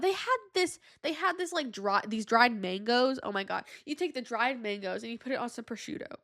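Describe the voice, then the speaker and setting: A young woman hosts her podcast in loose, casual chat. She gushes and repeats herself, with a voice pitched a bit high. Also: expressive, brisk, few pauses, fairly bright tone. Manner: gushing, effusive, repeats herself. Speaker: podcast host.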